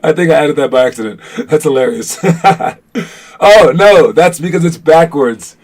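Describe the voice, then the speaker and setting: A man's voice: fairly high pitch, fairly quick, a little mellow. A man hosting a casual basketball podcast, joking and teasing his chat with lots of restarts. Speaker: podcast host. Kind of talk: casual live-stream chat.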